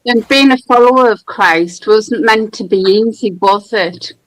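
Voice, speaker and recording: Northeast English woman caller, unhurried and earnest, dry close sound. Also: fairly high pitch, no echo, low-quality recording. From County Durham, England. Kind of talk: casual chat.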